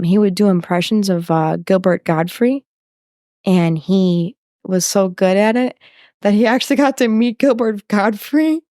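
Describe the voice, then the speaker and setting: A woman's voice: medium pitch, darkish tone, no echo, clean studio sound. A woman from New York talking loosely as a podcast guest, full of fillers and tangents. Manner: slow, loose and talkative, with fillers. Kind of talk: casual interview chat.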